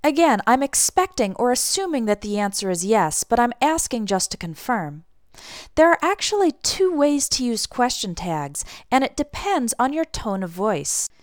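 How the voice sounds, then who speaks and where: Woman, english teacher, clear deliberate delivery, lively intonation, dry close sound. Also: on the high side, dry recording. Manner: clear, deliberate, modeling intonation on example phrases. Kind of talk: scripted language lesson.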